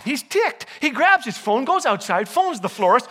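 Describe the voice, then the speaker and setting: An older man giving a humorous sermon to a live audience, telling jokes and stories and teasing the crowd when jokes fall flat. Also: very high voice, moderate pace, few pauses, long reverb tail. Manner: jokey storyteller, teases the audience. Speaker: chapel speaker.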